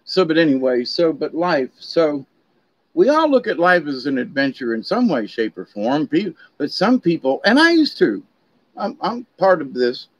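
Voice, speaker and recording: Speaking at a moderate pace with a sing-song lilt, a middle-aged Florida vlogger tells meandering, chatty stories full of tangents. His voice sits on the higher side. It's captured in a slightly dull, dry recording.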